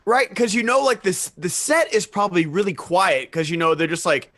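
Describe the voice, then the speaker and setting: A man's voice: high-pitched, animated, normal speed, fairly bright tone, no room sound, studio quality. A man co-hosting a live show, chatting casually with laughing asides. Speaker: co-host.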